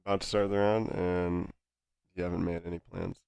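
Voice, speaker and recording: A man coaching a player through a game review, talking calmly with plenty of fillers, his nose stuffy. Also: sits low, brisk, gravelly, clean tone, no room sound. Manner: calm, instructive, with many fillers.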